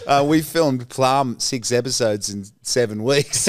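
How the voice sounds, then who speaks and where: A man's voice: medium pitch, lively intonation, moderate pace, hardly any pauses, dry recording, studio quality. A man in his forties with an Australian accent, a guest on a casual podcast, telling rambling, laugh-filled stories and swearing freely. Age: 40s. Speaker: actor guest.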